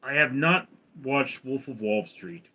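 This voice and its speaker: An American man hosts a casual livestream. He reads viewer comments out loud and chats back, rambling and often restarting his sentences. His voice sits at an average pitch for a man. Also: expressive, measured pace, dull audio. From United States. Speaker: livestream host.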